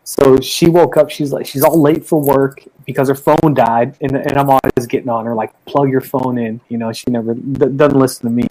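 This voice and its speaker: A man's voice: mid-range voice, fairly even intonation, normal speed, hardly any pauses, mellow, poor audio. Swearing, rambling storyteller man. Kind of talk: casual chat among friends.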